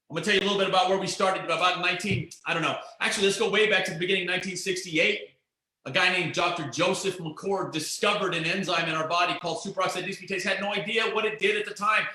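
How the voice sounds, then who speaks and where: A man giving an excited, emphatic network marketing pitch on a webinar, often repeating himself. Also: echoey room, rough recording. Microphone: computer mic on a webinar.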